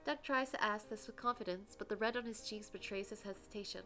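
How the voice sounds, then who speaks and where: A woman reads a romance game aloud in the heroine's voice, stopping now and then to gush and chat about it. Her tone is bright and forward, with faint music playing under her voice. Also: medium pitch, fast talker. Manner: gushing, giggly asides between narration. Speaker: let's play streamer reading a dating game aloud. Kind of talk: reading game dialogue aloud with her own comments.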